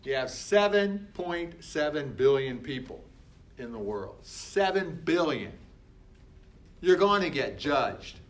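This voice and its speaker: A man's voice: fairly high pitch, big pitch swings, takes it slowly. A man speaking as a coach in a motivational talk. He is emphatic and repetitive, and he acts out other people's words.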